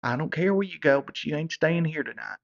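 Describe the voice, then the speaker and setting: A man's voice: a little high, lively intonation, a little fast, vocal fry, pitched above the performer's own voice. A man voicing a fed-up, stern country mother, scolding bluntly. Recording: dull lo-fi recording.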